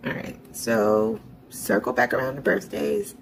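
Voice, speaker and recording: This woman vlogger has a very deep, gravelly voice with vocal fry and big pitch swings, speaking at a measured pace. She casually narrates her online banking, budgeting and transferring bills in a chatty, self-talking manner with sarcastic asides. The poor audio has a little hiss or hum.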